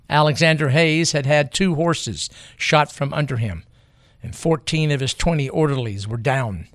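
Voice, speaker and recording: A man's voice: on the high side, smooth, no room sound, clean studio sound. Grave man narrating history. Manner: measured, grave, deliberate pauses.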